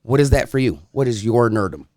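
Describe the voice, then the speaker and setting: A man hosting a casual podcast, talking in a profane, joking, animated way. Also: mid-range voice, brisk, no echo. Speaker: podcast host.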